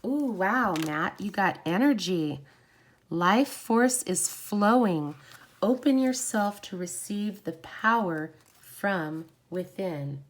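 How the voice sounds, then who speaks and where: Woman, mid-pitched, oracle card reader on a livestream; bubbly, giggly, slow and soft on affirmations. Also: expressive. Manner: effusive, exclaims and giggles often, reads affirmations slowly. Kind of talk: live-streamed oracle card reading.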